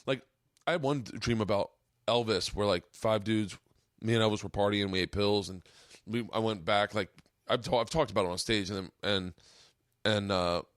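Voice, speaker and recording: A man in his forties hosting a podcast, telling a long story with lively acted-out quotes. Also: fairly low pitch, moderate pace, no echo, clean studio sound. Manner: animated storyteller, acts out quotes, gets choked up. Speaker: podcast host. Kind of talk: casual storytelling chat.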